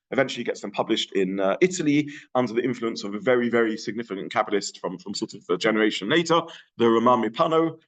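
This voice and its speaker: A man's voice: medium pitch, rough recording. Man giving a thoughtful lecture. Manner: thoughtful, many fillers and restarts. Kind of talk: adult education lecture.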